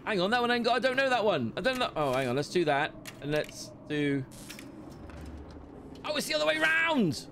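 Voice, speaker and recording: A man giving excitable, frantic running commentary while he plays a video game. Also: high-pitched, normal speed, gravelly, slight background noise. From United Kingdom. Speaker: gaming commentator. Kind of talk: live gameplay commentary. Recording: loud game audio under voice. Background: loud game sounds.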